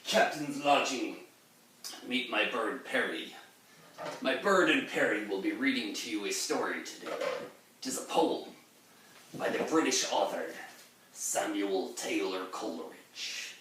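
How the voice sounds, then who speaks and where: A swaggering pirate captain with a low voice, as a man puts him on, hamming up every line. He sounds set back from the microphone in a very echoey room. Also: lively intonation, measured pace, long pauses, fairly bright tone, slight background noise. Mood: theatrical. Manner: hammy, theatrical delivery. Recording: very echoey room, distant mic.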